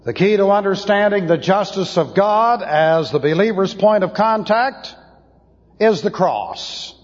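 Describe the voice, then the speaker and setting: A man preaching to a Bible class, blunt and opinionated, slowing down to press his points. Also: sits high, expressive. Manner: blunt, opinionated, slows for emphasis. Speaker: pastor teaching a Bible class. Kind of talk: sermon lecture. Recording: dull lo-fi tape in a reverberant hall.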